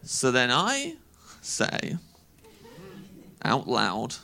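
A man in his thirties telling an animated stand-up story, acting out voices as he goes. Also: medium pitch, extremely slow, creaky. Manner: animated, acts out voices, laughs through lines. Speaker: stand-up comedian.

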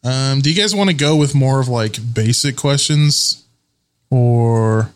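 A man's voice: mid-range voice, unhurried. Swearing, laughing podcast co-host man. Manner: laughs often, swears, loses his words. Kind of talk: casual chat.

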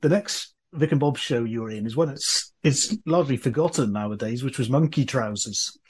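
Husky man steering a podcast chat. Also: mid-range voice, normal speed. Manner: prepared, leads with questions and show references. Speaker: podcast co-host.

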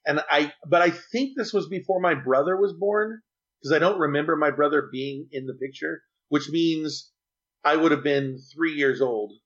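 A man's voice: a little high, moderate pace, a bit bright, highs cut off. A man being interviewed, telling a personal story in an earnest, chatty and rambling way. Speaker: interview guest.

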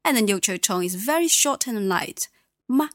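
A woman teaching Mandarin, a native speaker who patiently models words slowly and clearly. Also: medium pitch, lively intonation, a bit bright, no echo, clean studio sound. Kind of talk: language teaching.

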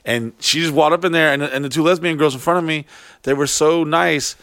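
A man and touring artist telling backstage stories in casual chat, profane and animated, putting on high mocking voices when he quotes people. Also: brisk, no echo. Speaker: touring artist, podcast co-host.

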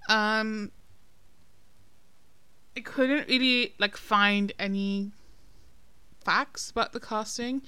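A woman's voice: mid-range voice, fairly even intonation, extremely slow, pauses often, bright, forceful tone, clean tone, no room sound. A woman co-hosting a casual film-review podcast, talking in a chatty, hesitant way with many ums and restarts. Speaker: podcast co-host.

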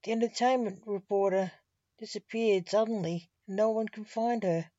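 A woman's voice: mid-range voice, normal speed, mellow, no room sound, dull audio, close to an everyday voice. A male necromancer voiced by a woman. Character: male necromancer, a newspaper reporter.

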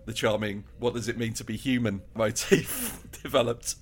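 Young bloke, jokey, worked-up theorising, casual chat. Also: male voice, fairly low pitch, moderate pace, husky. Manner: animated, laughing, argumentative comic theorising. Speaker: podcast co-host.

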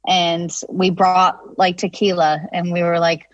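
A woman's voice: fairly low pitch, little pitch movement, measured pace, no room sound, lo-fi sound. A woman, a singer-songwriter, chatting casually and telling a story with lots of fillers, acting out the lines she quotes.

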